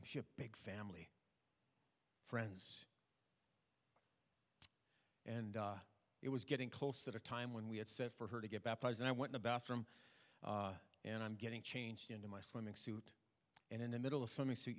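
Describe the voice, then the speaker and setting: An older man preaching a sermon, telling personal stories in a plain, halting way. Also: mid-range voice. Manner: plain, halting testimony with restarts. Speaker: pastor. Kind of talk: storytelling sermon. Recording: long reverb of a hall.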